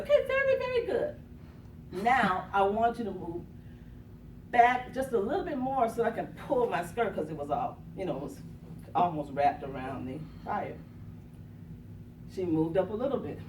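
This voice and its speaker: A woman's voice: medium pitch, a little hiss or hum. A woman motivational speaker telling a dramatic personal story, acting out the quotes with gasps and bursts of laughter. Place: conference room. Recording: echoey room from a distance.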